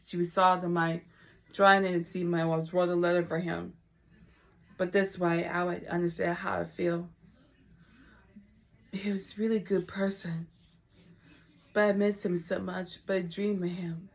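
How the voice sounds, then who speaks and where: Woman, personal vlog, slightly low voice, halting emotional delivery, frequent soft whispers. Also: steady tone, creaky. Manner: repetitive, simple broken phrasing. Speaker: vlogger.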